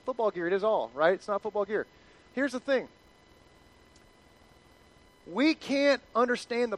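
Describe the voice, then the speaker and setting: Man, pastor, high voice, animated conversational sermon. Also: poor audio.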